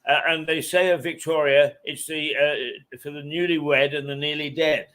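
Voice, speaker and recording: Older man telling a halting story. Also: on the high side, steady tone, fairly bright tone, slight background noise. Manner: halting, with frequent hesitations and chuckles. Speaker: interview guest. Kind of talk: reminiscing anecdote in conversation.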